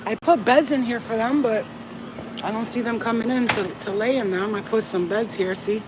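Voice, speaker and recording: A woman's voice: mid-range voice, moderate pace, darkish tone. A woman vlogging casually as she tends her pets, cooing baby talk at them and swearing offhandedly. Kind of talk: casual vlog chat while caring for pets. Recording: noisy home video with ambient sound.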